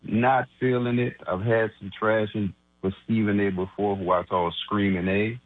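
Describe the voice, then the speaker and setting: A man's voice: lowish voice, steady tone, normal speed, no echo. A man calling in to a sports radio show to mock a rival host. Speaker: caller. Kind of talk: call-in rant. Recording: tinny phone line.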